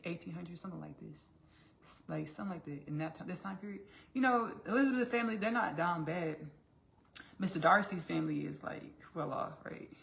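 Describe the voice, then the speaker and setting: A woman hosting a casual livestream, retelling a story in an animated way, with many fillers and restarts. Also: fairly low pitch, gravelly. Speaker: livestream host.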